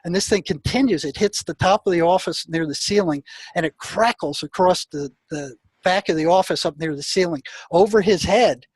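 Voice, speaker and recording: An older man, a retired psychotherapist, telling a story in an interview; he talks in halting restarts and acts out the sound effects and other people's lines. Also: sits high, breathy edge, no room sound. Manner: halting, repeats words as he recalls.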